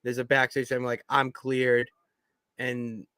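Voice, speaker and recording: A man co-hosts a casual podcast chat, rambling and losing his thread before picking it back up. His voice is bright. The sound is dry and close to the mic. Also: medium pitch, monotone, takes it slowly, smooth, no room sound. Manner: rambling, trails off and restarts. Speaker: podcast co-host.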